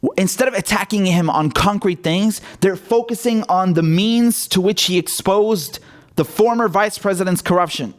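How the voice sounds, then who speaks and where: Guy ranting about politics on his own show, voice sits pretty high, blunt and sarcastic, cusses now and then. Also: moderate pace. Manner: heated, blunt, sarcastic, swears. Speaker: political commentator.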